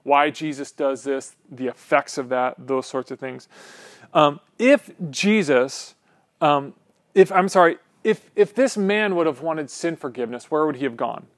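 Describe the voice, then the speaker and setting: A man's voice: on the high side, animated, measured pace, dry recording. A man teaching a small Bible class in a church room, talking informally and often checking in with "right?" between his points. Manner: conversational, peppered with "right?" tags and restarts.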